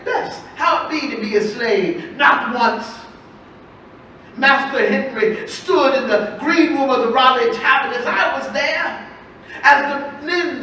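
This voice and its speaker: A woman storyteller playing a grieving, defiant enslaved woman who serves in a tavern, speaking slowly and with passion, repeating phrases for weight, live on a festival stage. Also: high voice, a bit bright, a little hiss or hum. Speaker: storyteller in historical character. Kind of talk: live first-person historical storytelling. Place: festival stage before an audience. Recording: echoey hall, voice from far off.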